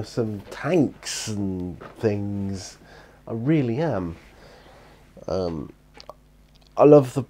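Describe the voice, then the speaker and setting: Sitting in his hobby room at home, a weary British man rambles through a casual chat for his hobby vlog, often restarting and using plenty of fillers. He has a lowish voice with a dark tone, and there's slight background noise.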